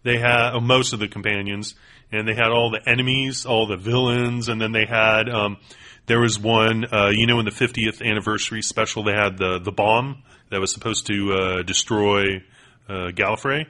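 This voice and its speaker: A man co-hosting a podcast in casual chat, an excitable storyteller who piles up fillers and restarts. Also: lowish voice, normal speed. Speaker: podcast co-host.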